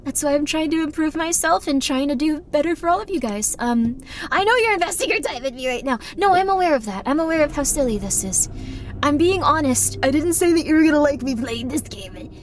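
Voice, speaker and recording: A woman's voice: high voice, lively intonation, a little fast. A woman streaming a game live, talking to chat in a rambling, earnest and apologetic way.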